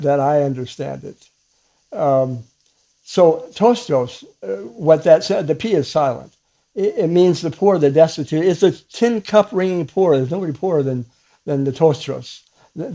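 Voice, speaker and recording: A man giving a casual spiritual talk to camera as a Christian teacher, halting with many fillers and restarts and soft chuckles. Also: a little high.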